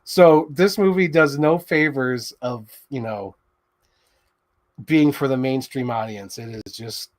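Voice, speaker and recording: A man hosting a toy unboxing show in casual chat, rambling excitedly and swearing freely. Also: medium pitch.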